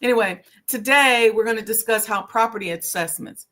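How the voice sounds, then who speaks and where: A woman's voice: on the high side, a little fast, a bit bright. A middle-aged woman hosting a talk show on history, speaking in a casual, preachy teaching manner with slang and frequent laughs. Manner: conversational, preachy, laughs often, slips into slang. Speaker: historic preservation consultant and channel host.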